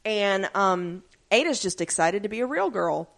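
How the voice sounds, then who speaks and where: Creaky and mid-range at normal speed, a woman co-hosting a podcast recap tells the story with animation, acting out what the characters say. Casual swearing and lots of fillers run through her speech.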